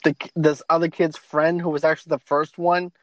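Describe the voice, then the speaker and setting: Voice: medium pitch, little pitch movement, a little fast, fairly bright tone. A co-host casually discussing a movie, earnest and agreeable, rambling a little as the thoughts come. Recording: dry, muffled lo-fi audio.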